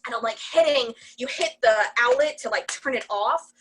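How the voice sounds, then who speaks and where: A young woman, a new mom, guest on a casual podcast, telling stories in an animated way with lots of fillers and laughter. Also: a little high, normal speed, slight background noise, poor audio. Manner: animated storytelling, many "like" fillers, laughs often.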